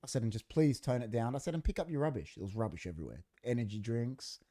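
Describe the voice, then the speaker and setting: A man's voice: mid-range voice, fast. A man, a podcast co-host telling a story in casual chat in a studio, acting out what people said. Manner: animated, acts out quoted dialogue.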